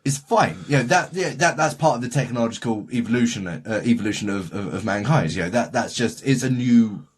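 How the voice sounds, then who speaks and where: Man, husky, mid-pitched, rambling casual podcast chat, swears a lot. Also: lively intonation, fairly quick. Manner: rambling, swears freely, many restarts. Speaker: podcast co-host.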